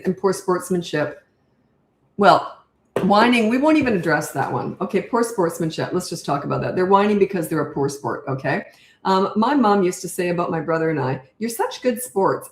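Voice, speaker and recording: Older woman parenting coach, straight-talking Q&A, lowish voice in a roomy echo; live answers to comments. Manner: chatty and direct, reads comments aloud. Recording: echoey room.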